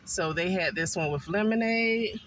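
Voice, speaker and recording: A man eating a meal in a car and chatting casually to his viewers, unhurried and full of ums. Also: high-pitched, fairly bright tone, slight background noise, low-quality recording. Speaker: food vlogger. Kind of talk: casual mukbang chat.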